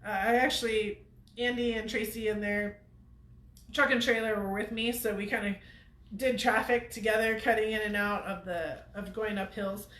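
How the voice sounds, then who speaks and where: A woman's voice: mid-range voice, fairly even intonation, normal speed, a bit bright, echoey room. A woman hosting a weekly show, telling a story to viewers in a chatty way and laughing often. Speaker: host of a weekly off-road show.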